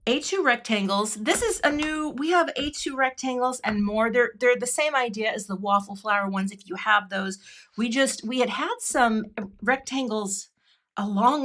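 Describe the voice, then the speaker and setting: Bright and forceful, with a voice on the high side, a middle-aged Washington State woman hosts her card-making livestream. As a craft product designer, she keeps up chatter with viewers and laughs often while she works.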